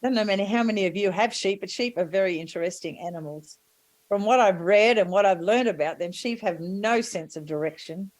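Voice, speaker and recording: A woman preaching a sermon and telling stories gently, with warm asides to the congregation. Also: mid-range voice, dry recording, rough recording.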